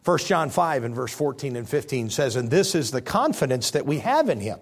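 A man's voice: medium pitch, normal speed, husky. A middle-aged male pastor preaching a sermon, rising and dropping his voice for emphasis. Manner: animated preaching, rises and drops for emphasis.

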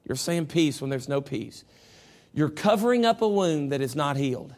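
Male preacher, 40s, high-pitched, loud and soft by turns, stammering restarts. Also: lively intonation, normal speed. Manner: swings from shouting to quiet, stammers on restarts. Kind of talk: sermon.

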